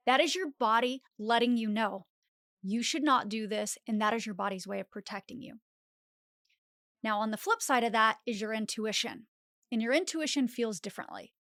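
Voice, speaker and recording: Young female podcast host, self-help monologue, chatty and animated, slightly high, dry close sound. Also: no echo. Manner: animated, acts out inner voices with filler "like".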